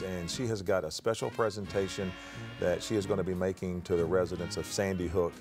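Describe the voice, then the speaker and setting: A man from Louisiana hosting a local TV interview show in a friendly, folksy manner. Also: low voice. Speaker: host.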